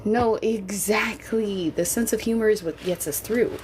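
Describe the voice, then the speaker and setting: A woman's voice: medium pitch, a little slow, noisy background. A woman streaming live, a mother chatting candidly with her viewers in a jokey, casual way and swearing now and then. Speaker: livestreamer.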